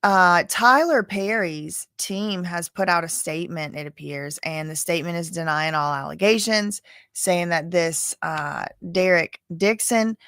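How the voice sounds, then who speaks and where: Chatty low-voiced woman streamer. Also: unhurried, a bit bright, smooth, no room sound, studio quality. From Louisiana. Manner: chatty and rambling, talks straight to viewers as "y'all". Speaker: livestream host covering court cases. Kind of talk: casual live-stream commentary.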